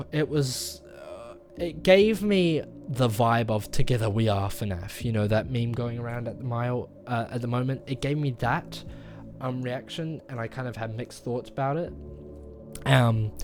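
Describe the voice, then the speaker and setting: Man, mid-pitched, casual vlog reviewer; loose rambling delivery with fillers, acts out quotes; faint music bed. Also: darkish tone. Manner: rambling retelling with many fillers, acting out quoted lines. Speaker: movie reviewer. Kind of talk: casual spoken movie review.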